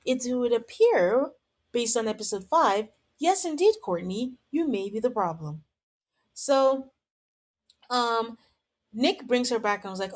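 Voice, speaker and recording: A woman's voice: mid-range voice, moderate pace. Exasperated woman podcaster recapping TV. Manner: exasperated, sarcastic, acts out the cast members' lines. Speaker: podcast host recapping a reality show. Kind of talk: casual recap commentary.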